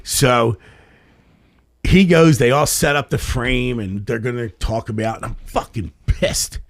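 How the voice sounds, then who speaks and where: A man's voice: mid-range voice, a little slow, vocal fry, no echo. A middle-aged man, a stand-up comedian guest, telling rambling, profane anecdotes with many restarts on a casual podcast.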